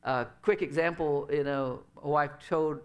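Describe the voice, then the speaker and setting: Middle-aged guy preaching, chatty and loose, lots of "you know"s and "uh"s, voice sits a bit high. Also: steady tone, measured pace, highs cut off, a little hiss or hum. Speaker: pastor. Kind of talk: sermon.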